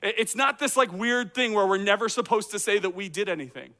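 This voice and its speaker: High-voiced man preaching conversationally. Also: pushed and bright. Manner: conversational preaching with rhetorical questions and acted-out reactions. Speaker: teaching pastor. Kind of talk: sermon. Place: outdoor courtyard.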